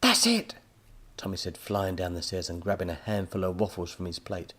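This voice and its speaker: A man narrating a children's story as an expressive audiobook reader. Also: sits low, a little fast, a little hiss or hum.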